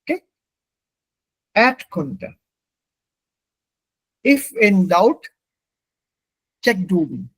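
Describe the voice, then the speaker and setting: A male teacher explains pronunciation to his class with patience, moving between German and English as he goes. His voice sits high for a man and has a husky edge. He speaks slowly, and the sound is dry and close. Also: expressive, no echo. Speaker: language teacher. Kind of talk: classroom instruction.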